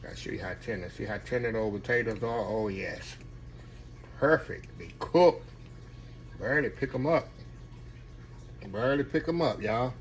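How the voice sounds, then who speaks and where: A man's voice: mid-range voice, normal speed, long pauses, slight background noise. A man giving a casual cooking demonstration, chatting to his viewers and calling them y'all. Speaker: home cook hosting a cooking channel.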